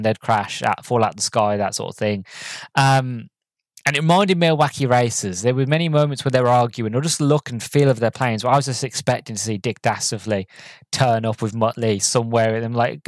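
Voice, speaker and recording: A man's voice: mid-range voice, no echo. A young man hosting a podcast, reviewing a film in casual, rambling talk with lots of restarts and fillers. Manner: acts out quoted characters in a raised voice. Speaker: podcast host reviewing films.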